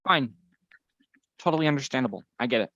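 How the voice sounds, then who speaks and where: A man's voice: mid-range voice, expressive, fast talker, fairly bright tone, dry recording, dull audio. Man thinking aloud at a game table. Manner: thinks aloud, tentative and searching. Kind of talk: casual chat at a game table.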